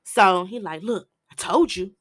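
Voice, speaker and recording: A woman hosting a podcast, recapping a film in a casual, animated way, bluntly swearing and jumping into higher voices to act out what the characters say. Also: unhurried, no room sound, clean studio sound. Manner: animated storyteller who jumps into high voices to act out quotes. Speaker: podcast host reviewing a film.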